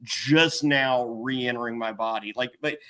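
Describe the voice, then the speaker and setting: A middle-aged man hosting a podcast, telling a story in a rambling, profane, excitable way with many restarts. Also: medium pitch, measured pace, poor audio. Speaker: podcast host. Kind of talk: casual storytelling chat.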